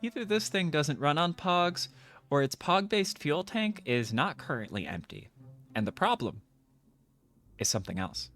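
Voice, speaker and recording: A woman's voice: deep voice, very animated, normal speed, fairly bright tone, soft background music. A woman playing a video game and reading its text aloud, with playful, jokey, mock-dramatic asides.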